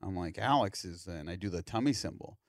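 Male podcast host in his thirties, lively storyteller, wide pitch swings, dry close sound. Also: a little fast, no echo. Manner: animated storyteller, acts out other people's lines. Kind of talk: casual storytelling chat.

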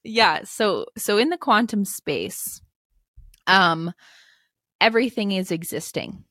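A woman in her twenties, a spiritual life coach, speaking in a gentle, reassuring way with many "like" fillers in a podcast interview. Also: medium pitch, expressive, slow pace, no echo, clean studio sound. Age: 20s.

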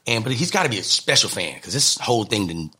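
A middle-aged male comedian tells stories in an interview, his pitch leaping as he acts out the people he quotes. His voice is bright but husky. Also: very animated, quick pace. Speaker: comedian and guest. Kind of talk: animated storytelling in an interview.

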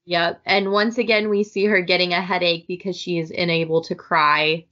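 A woman's voice: on the low side, fairly even intonation, moderate pace, a bit bright. A woman co-hosting a casual book discussion podcast, chatting and reading passages aloud. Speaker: podcast co-host. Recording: dull lo-fi audio.

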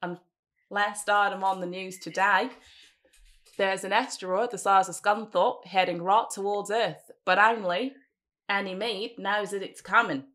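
A woman's voice: mid-range voice, fairly even intonation, measured pace, fairly bright tone, close to an everyday voice. Woman as Aussie anchorwoman, put-on accent, announcer cadence. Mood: newsreading. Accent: put-on Australian. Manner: announcing the news. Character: female Australian TV news anchor.

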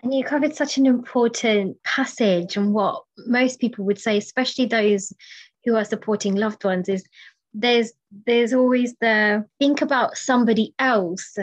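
A British woman hosting a podcast, speaking thoughtfully and with measured pauses and fillers. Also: a little high. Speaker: podcast host. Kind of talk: podcast conversation. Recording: dull lo-fi audio.

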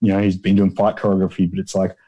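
A man's voice: low voice, monotone, fast, warm tone, dull audio. A man, a guest in a casual interview, telling rambling stories and acting out quotes in a raised voice. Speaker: guest, founder of an extras agency.

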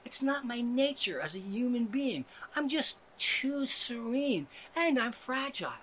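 A man hosting a satirical comedy monologue, ironically swinging between hushed, mellow murmurs and sudden loud outbursts. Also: very high-pitched, very animated, measured pace, hardly any pauses, slight background noise. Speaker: show host.

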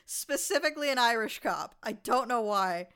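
A woman's voice: on the high side, expressive, normal speed, fairly bright tone, clear, resonant tone. A woman co-hosting a casual movie-review chat, asking dry, skeptical questions. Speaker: podcast co-host.

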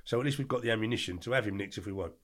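An older man talks very fast in a low-side voice as a podcast guest, telling stories casually. He rambles and speaks bluntly, often stopping to correct himself.

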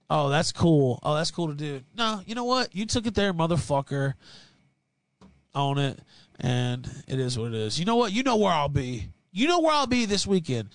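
A bright, high-voiced man rants on a livestream, with his pitch leaping around wildly as he shouts curses and then drops to a mutter. The sound is close and dry. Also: dry recording. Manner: shouting, swearing, mocking, swings between yelling and muttering. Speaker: livestream host. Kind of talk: angry profane rant.

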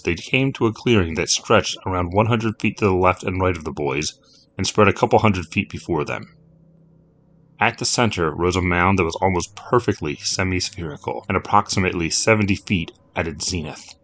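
A man reading a scripted story as narrator, in a measured, steady telling. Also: deep voice, slight background noise.

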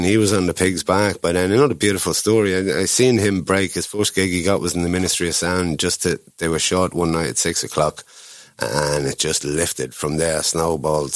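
A man's voice: low-pitched, dry recording. An Irish man, a guest, telling a rambling story with lots of restarts and acted-out quotes. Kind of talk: casual anecdotal storytelling.

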